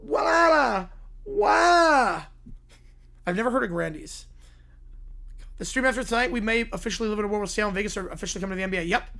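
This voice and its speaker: A hoarse man streaming, giving quick offhand replies to chat in a casual Q&A. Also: high-pitched, sharp tone. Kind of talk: casual livestream Q&A.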